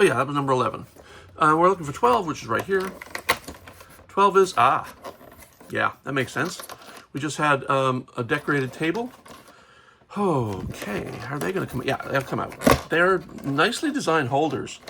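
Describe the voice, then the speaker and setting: A man's voice: a little high, lively intonation, normal speed, creaky, background noise. A man giving chatty, rambling commentary while unboxing toys, often correcting himself mid-sentence. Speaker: toy reviewer.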